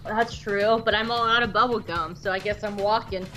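A woman's voice: medium pitch, fairly even intonation, moderate pace, sharp tone, soft background music. A woman co-hosting a podcast, chatting in a giggly, playful way. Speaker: podcast co-host. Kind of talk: casual podcast chat.

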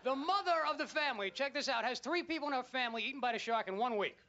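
A male stand-up comedian ranting with loud, incredulous energy. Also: very high-pitched, expressive, quick pace. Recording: lo-fi live club recording with loud crowd. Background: audience laughter.

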